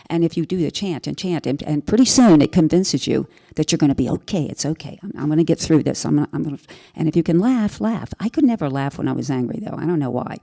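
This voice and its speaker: A woman with a fairly low voice speaks on a panel for carepartners. She talks earnestly and reassuringly, circling back and repeating phrases to drive a point home. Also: expressive, brisk, gravelly, few pauses, warm tone. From Italian family background.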